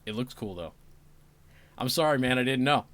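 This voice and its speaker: A radio talk show host with a mid-range, fairly bright voice and lively intonation chats casually with listeners at normal speed. He turns sarcastic on political topics, throws in apologetic asides, and breaks into laughter. It plays like casual livestream commentary.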